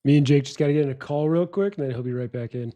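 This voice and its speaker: A man kicking off a casual trading livestream. He greets viewers by name in a loud, easygoing way. His voice is mellow and low in brightness, with typing on a keyboard heard nearby. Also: rapid-fire.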